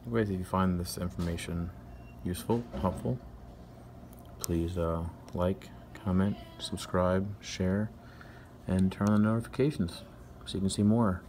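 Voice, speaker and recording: A man who teaches a class, casually showing his fish tanks and describing them in loose, halting phrases. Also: low-pitched, warm tone, slight background noise. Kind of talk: casual show-and-tell narration.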